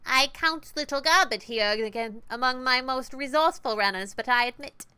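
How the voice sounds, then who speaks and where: A woman's voice: sits high, normal speed, pushed and bright, clean tone, no room sound, pitched above the performer's own voice. A woman voicing a menacing middle-aged female triad boss, with a sweet, nasal, grinding British voice.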